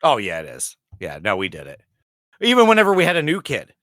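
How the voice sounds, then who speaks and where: A man co-hosting a casual podcast, easygoing and quick to agree and laugh along. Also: mid-range voice, huge pitch swings, fairly bright tone, no echo, studio quality. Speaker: podcast co-host. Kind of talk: casual chat.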